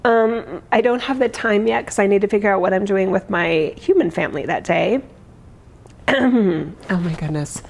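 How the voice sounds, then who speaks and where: A woman in her forties, hoarse today, chatting effusively on a livestream, laughing often as she reads comments. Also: mid-range voice, normal speed. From United States. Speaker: livestream host. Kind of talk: casual livestream chat reading comments.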